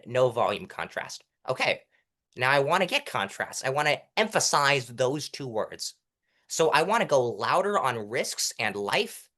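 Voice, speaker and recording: A young man in a casual interview, explaining courtroom delivery and acting out example lines to show it. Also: medium pitch. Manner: animated, demonstrates delivery by reciting lines at different volumes. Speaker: interview guest, mock trial competitor.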